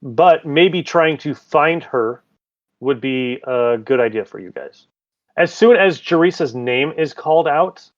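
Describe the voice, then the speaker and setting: A man's voice: on the high side, animated, a little slow, lo-fi sound, faint music behind. A man running a tabletop game as dungeon master, narrating loosely with jokes and restarts. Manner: casual, joking, loose narration.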